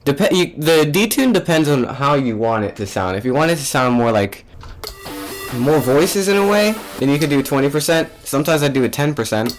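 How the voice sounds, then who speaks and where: A young man who makes music talks through building a track in a casual tutorial, his slightly high voice sing-song at a moderate pace. He comes across loose and offhand, often restarting and filling pauses.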